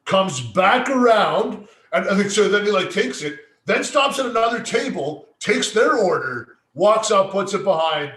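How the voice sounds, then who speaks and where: A man's voice: high voice, big pitch swings, measured pace, few pauses, fairly bright tone. A man co-hosting a casual podcast chat, telling stories with a lot of swearing and acting out what people said. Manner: swearing storyteller acting out quotes. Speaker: podcast co-host. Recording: echoey room.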